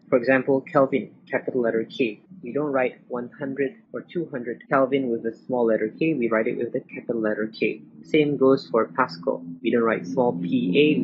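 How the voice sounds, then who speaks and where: Man lecturing over slides, muffled recording. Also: mid-range voice. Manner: methodical, spells out symbols letter by letter. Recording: muffled old recording with faint hiss.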